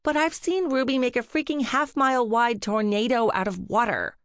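Allegra is an anxious, impulsive teenage apprentice witch with a high, whiny, pleading voice, as the woman reading the story puts her on. She sounds louder and brighter than the narration, recorded dry. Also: normal speed, dry recording, lightly acted.

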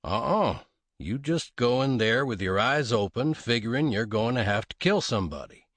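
A man's voice: mid-range voice, lively intonation, moderate pace, a bit bright, no echo. Man doing a drawling, sly gunman. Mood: knowing. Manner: drawling, dry, cocky. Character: laconic sly frontier gunman, male adult.

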